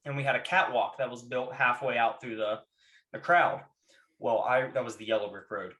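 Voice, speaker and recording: A man chatting casually on a podcast, telling stories with lively energy and shouting out the lines he quotes. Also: medium pitch, normal speed. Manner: animated storyteller who shouts out quoted lines. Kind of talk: casual chat, reminiscing.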